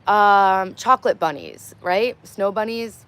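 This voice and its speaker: A woman's voice: mid-range voice, animated, takes it slowly, fairly bright tone, a little hiss or hum. A woman in her thirties hosting a casual livestream, chatting bluntly with viewers, reading their comments aloud and swearing freely. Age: 30s. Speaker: livestream host. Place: outdoors in her garden.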